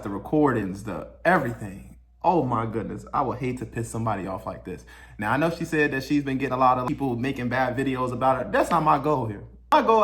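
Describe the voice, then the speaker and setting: A man hosting a story channel, casually reflecting on the clip for his viewers. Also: mid-range voice. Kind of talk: commentary to viewers.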